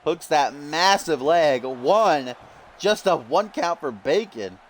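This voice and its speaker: Male play-by-play commentator for a wrestling video game, higher voice, jokey and prone to sudden shouting. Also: slow pace, a little hiss or hum. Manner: jokey, yells in sudden excitement.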